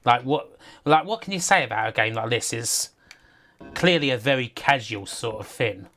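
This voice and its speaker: Woman, sardonic, sweary, lively pitch, faint music behind. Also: normal speed. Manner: sardonic, laughs often, sweary. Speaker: retro games streamer. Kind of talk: casual live commentary.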